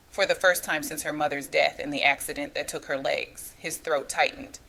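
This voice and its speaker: A woman's voice: low voice, steady tone, moderate pace, vocal fry, few pauses, sharp tone. A woman narrating a dramatic story aloud, reading with small stumbles and restarts.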